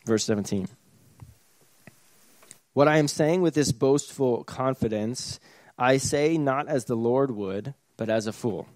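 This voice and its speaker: A man's voice: medium pitch, measured pace, long pauses, a little mellow, no echo. A man preaching a sermon in a casual, conversational way, with sarcastic asides and chuckles. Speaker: pastor.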